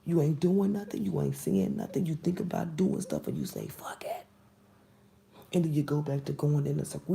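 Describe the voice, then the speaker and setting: A woman's voice: sits low, wildly swooping pitch, normal speed, vocal fry, dark tone, a little hiss or hum. A woman giving a casual tarot reading to camera, blunt and exasperated, often dropping into whispered asides. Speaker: tarot reader.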